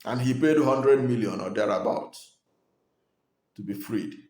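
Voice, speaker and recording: A man from Nigeria giving earnest, argumentative political commentary, pausing with fillers and restarting his sentences. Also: mid-range voice, a little mellow, echoey room.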